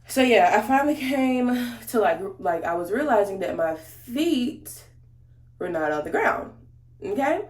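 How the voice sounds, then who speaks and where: A woman's voice: mid-range voice, very animated, measured pace. Chatty woman vlogger in a roomy room. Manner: chatty, slangy, talks straight to viewers. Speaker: beauty vlogger. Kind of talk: casual storytime chat during a makeup tutorial. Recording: roomy echo.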